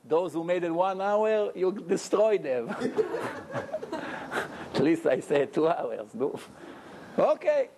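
High-voiced animated male preacher. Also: takes it slowly, long pauses, noisy background. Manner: animated, jokey storyteller who acts out characters. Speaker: rabbi giving a Torah lecture. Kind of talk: storytelling sermon.

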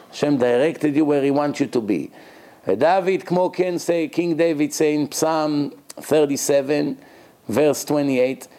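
Man giving a religious lecture. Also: warm tone. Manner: storytelling, acts out quoted dialogue with rising pitch.

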